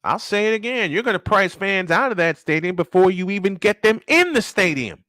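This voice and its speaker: A man's voice: high-pitched, expressive, fairly quick, sharp tone, dry recording, clean studio sound. A man hosting a casual live-stream sports show, ranting and firing off rhetorical questions, repeating his points for emphasis.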